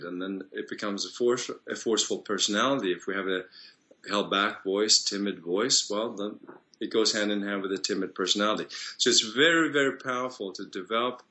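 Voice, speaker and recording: A man working as a voice and singing coach, explaining things in an interview in a teacherly way, with pauses and restarts. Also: on the low side, pushed and bright.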